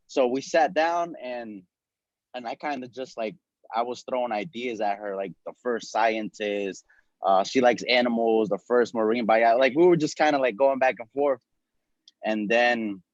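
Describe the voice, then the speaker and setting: A man's voice: medium pitch, unhurried, dry recording. Man caller, rambling, chatty fillers, dry dull audio. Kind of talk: casual call-in story.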